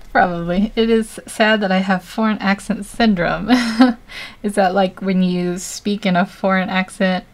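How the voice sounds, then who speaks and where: While drawing on a livestream, an American woman keeps up casual chat, giggling frequently and putting herself down with humor. She has a medium-pitched voice, fairly even intonation, and an unhurried delivery.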